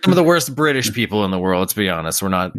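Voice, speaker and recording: A man's voice: lowish voice, sing-song, quick pace, no room sound. A young man co-hosting a podcast in casual comedic chat, riffing and slipping into mock characters. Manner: jokey, slips into mock officials and characters. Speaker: podcast co-host.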